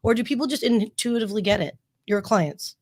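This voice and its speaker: A woman's voice: fairly high pitch, fairly quick, a little mellow. A woman hosting a podcast interview, asking long, rambling questions in a bubbly, laughing manner. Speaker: podcast host. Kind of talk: casual interview chat.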